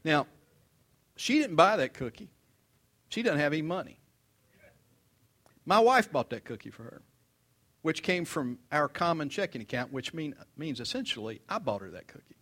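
An older man delivers a sermon with a slightly high-pitched voice. He tells stories in a chatty, animated way, rising to loud emphasis and dropping to quiet asides. His pitch moves freely through each phrase. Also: normal speed, long pauses. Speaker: pastor. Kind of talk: sermon with humorous storytelling.

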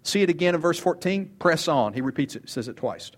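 Man, preacher, fairly high voice, emphatic, repeats words for stress. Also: lively intonation, fast talker. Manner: emphatic, rises in pitch for quoted lines, repeats words. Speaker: pastor. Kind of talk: expository sermon.

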